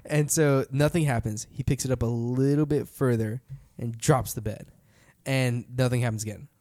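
A man's voice: medium pitch, normal speed, no room sound, clean studio sound. A man telling a story in casual conversation, laughing often and acting out the voices of the people in it. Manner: animated, laughs often, acts out voices in his stories.

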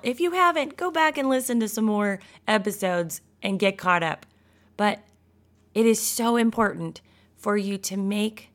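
Woman podcast host in her thirties, unhurried, encouraging devotional talk with lively bursts. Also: medium pitch. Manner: encouraging, animated, laughs and sighs, reads scripture aloud.

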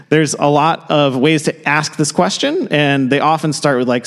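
A man preaching a sermon in a casual, conversational way, with quick asides and restarts. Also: a little high, big-room sound. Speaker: pastor. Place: church sanctuary.

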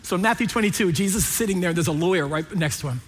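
Very fast and high-voiced, this middle-aged preacher fills his sermon with jokes and stories. He is animated and performs the quoted voices of his characters. The recording comes from a large, echoey church hall.

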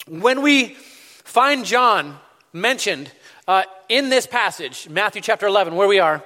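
A man preaching a relaxed, chatty sermon, full of fillers and restarts. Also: high-pitched. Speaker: pastor. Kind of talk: casual sermon. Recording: reverberant hall.

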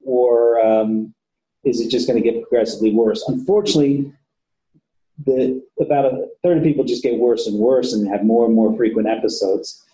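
A man's voice: medium pitch, fairly even intonation, normal speed, mellow, roomy sound, a little hiss or hum, rough recording. A man who works with patients, giving a casual training talk to police officers and often repeating himself. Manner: conversational, repeats words, casual swearing. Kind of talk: training lecture.

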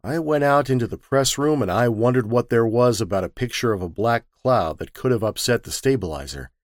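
A man narrating a first-person story with a wisecracking, lively storytelling manner. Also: mid-range voice, fairly quick, no echo, clean studio sound.

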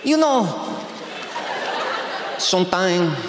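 A man voicing a weary trapped miner who talks in a slow, exaggerated drawl. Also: high-pitched, animated, a crowd in the background, pitched above the performer's own voice, full character voice. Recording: live stage recording in a reverberant hall with noise.

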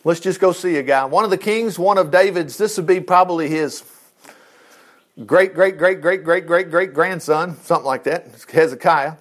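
A man's voice: a little high, normal speed. A man preaching in an informal, folksy way, telling Bible stories conversationally and closing in prayer. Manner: folksy and conversational, animated storytelling.

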